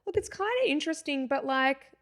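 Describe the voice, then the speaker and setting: Young woman, podcast co-host, playful teasing banter, slightly high pitch. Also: a little fast, fairly bright tone. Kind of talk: casual chat.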